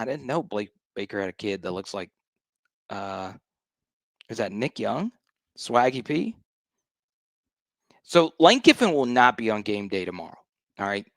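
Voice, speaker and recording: A man's voice: medium pitch, fairly bright tone, dry recording. A man hosting a sports talk show, ranting with emphatic, exasperated repetition.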